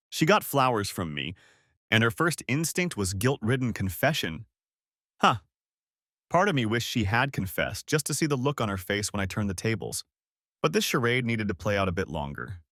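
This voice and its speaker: A man narrating a first-person revenge story in a measured, wry storytelling manner, recorded close to the mic. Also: on the low side, sing-song, fairly bright tone, no room sound.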